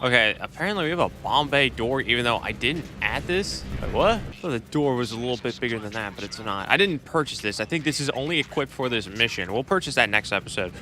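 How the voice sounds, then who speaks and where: A young man with a bright, forward voice gives rambling gameplay commentary. He often stammers and repeats himself. Faint game sounds sit under his voice. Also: mid-range voice, lively intonation, fast, hardly any pauses, slight background noise. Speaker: gaming YouTuber.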